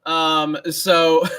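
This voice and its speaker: A young man hosting a casual livestream, ranting in an excited, repetitive way and often breaking into laughter. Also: on the high side, clean tone. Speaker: host.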